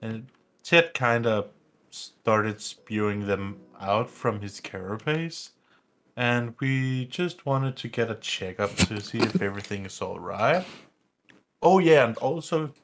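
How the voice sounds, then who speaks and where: A man's voice: on the low side, expressive, slow, a bit bright, a little hiss or hum. A man playing a tabletop role-playing game, recapping events in a rambling way. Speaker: player.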